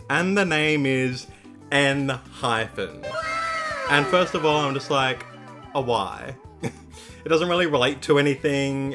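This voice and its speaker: An upbeat young man talks through a K-pop reaction in a casual, gushing way, peppering his sentences with "like". His voice sits at an ordinary middle pitch. Faint music plays underneath. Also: a bit bright. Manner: gushing, upbeat, heavy use of "like". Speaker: K-pop reaction video host.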